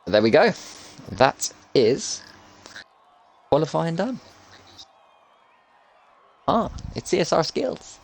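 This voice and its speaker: A man's voice: a little high, sing-song, takes it slowly, creaky, pauses often. A man commentating live on an online racing league, chatty and jokey as he calls the laps. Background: music.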